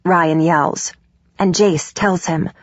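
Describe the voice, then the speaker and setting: A woman narrating a first-person audiobook in a steady, even way. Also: lowish voice, slow pace, no room sound. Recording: dull, dry studio recording.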